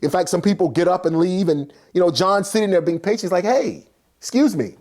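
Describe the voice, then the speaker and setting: High-voiced man telling a story. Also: fast. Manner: animated, acts out characters, many fillers. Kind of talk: casual storytelling.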